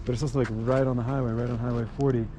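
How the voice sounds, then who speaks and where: A young thru-hiker narrates a hiking vlog outdoors on a mountain trail by a highway, rambling in a laid-back way full of fillers. His medium-pitched voice races with little pitch movement, and traffic and wind noise come through.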